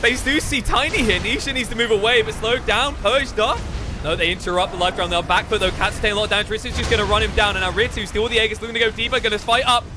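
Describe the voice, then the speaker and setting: A man with a British accent doing excitable play-by-play commentary on an esports match. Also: quick pace, over music. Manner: excitable, climbs high during fights. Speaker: esports caster.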